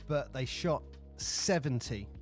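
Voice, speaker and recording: A man's voice: mid-range voice, slow pace, soft background music. A man co-hosting a podcast, telling stories with enthusiasm and acting out the lines he quotes. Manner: animated storytelling, acts out quoted lines. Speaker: podcast co-host. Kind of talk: casual chat.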